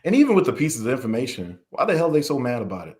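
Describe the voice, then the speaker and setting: A man's voice: medium pitch, huge pitch swings, rapid-fire, darkish tone. A man from the American South, a podcast interview guest, talking at length in a frustrated way and acting out the questions he was asked. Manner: frustrated, long-winded, acts out quoted questions.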